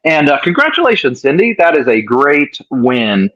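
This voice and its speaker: A man's voice: a little high, very animated, normal speed, hardly any pauses, fairly bright tone, lo-fi sound. A man co-hosting a live stream over a video call, joking and teasing. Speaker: co-host. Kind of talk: casual live-stream chat.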